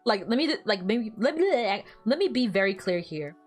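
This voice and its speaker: A woman's voice: mid-range voice, sing-song, moderate pace, faint music behind. A young woman streaming a game and chatting casually, teasing the characters on screen and laughing often. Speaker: gaming streamer. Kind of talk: casual gameplay livestream chat.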